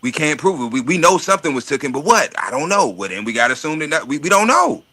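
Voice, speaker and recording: A man's voice: on the high side, big pitch swings, fast, pushed and bright. A man talking in casual chat about money and estates, profane and streetwise, often repeating words while he searches for them. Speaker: podcast host.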